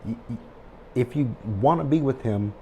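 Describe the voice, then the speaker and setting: A man's voice: medium pitch, normal speed, mellow, slight background noise. A man giving a casual, chatty recap of a TV episode to his viewers, reading out the scenes and adding exasperated asides. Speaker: TV recap host.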